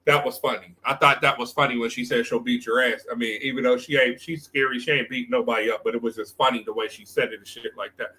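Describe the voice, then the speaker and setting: Male streamer, cussing trash-talker, bright cutting tone, repeats his points. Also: medium pitch, fairly even intonation, quick pace, hardly any pauses. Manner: profane, blunt trash talk; rambling, repeats himself. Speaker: livestream host. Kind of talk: unscripted stream commentary.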